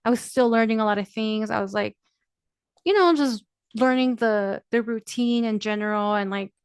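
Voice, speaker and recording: A woman's voice: a little high, moderate pace, smooth, no echo, studio quality. A young woman hosting a podcast, talking candidly in a casual monologue, swearing freely and addressing listeners as y'all. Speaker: podcast host.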